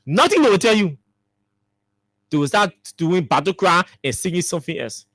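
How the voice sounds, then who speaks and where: A man's voice: high-pitched, very animated, normal speed, fairly bright tone, no echo, clean studio sound. A man with a Liberian English accent hosts a talk show, giving emphatic political commentary full of repeated rhetorical questions.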